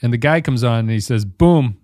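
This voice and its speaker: Male podcast host, casual and jokey, mid-pitched voice, dry close mic. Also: fast talker, darkish tone, no echo. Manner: joking, laughs often, acts out quotes.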